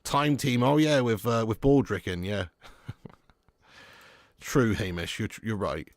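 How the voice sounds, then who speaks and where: In a dry, studio-quality recording, a man with a lowish voice talks slowly as he hosts a live match watch-along. Chatty by nature, he reads out and responds to viewer comments, then bursts into loud excitement when the match heats up.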